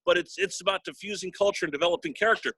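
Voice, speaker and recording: A man's voice: sits high, rapid-fire, bright, forceful tone, husky, no room sound, rough recording. A man, a sports broadcaster, telling personal stories in an interview and getting choked up at times. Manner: emotional, gets choked up. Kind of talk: storytelling interview.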